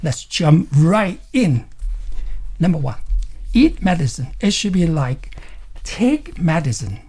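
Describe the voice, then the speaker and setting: A man's voice: on the high side, big pitch swings, slow, a little mellow, slightly rough. A man teaching an English lesson, acting out example phrases to show intonation and often adding "you know" and "okay".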